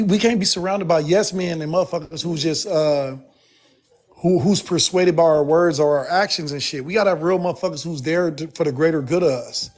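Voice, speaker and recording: A man's voice: high-pitched, darkish tone. A man, a guest on a live stream, ranting in a profane, emphatic and rambling way after he has been drinking. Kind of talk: heated casual rant.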